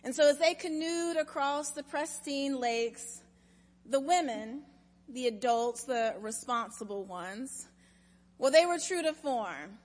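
A woman pastor giving a sermon, telling a story in a measured, expressive way, in a church sanctuary. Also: high voice, long reverb tail.

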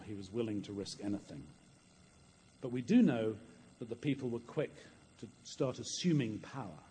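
A man's voice: medium pitch, darkish tone, in a large hall, slight background noise. A man preaching a sermon in a church, earnest and storytelling, often repeating words as he goes.

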